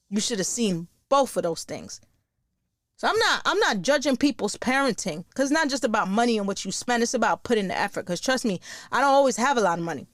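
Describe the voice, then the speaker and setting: A woman, hosting a podcast in a blunt, profane, animated casual monologue. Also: fairly high pitch, dry recording, studio quality. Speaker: podcast host.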